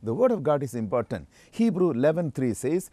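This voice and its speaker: An earnest male preacher delivering a sermon. His voice is dark and mellow, and his pitch rises and falls a lot as he stresses phrases slowly and repeats them. The sound is dry and close. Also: sing-song, no echo. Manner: earnest, emphatic, with slow stressed phrases and repetition.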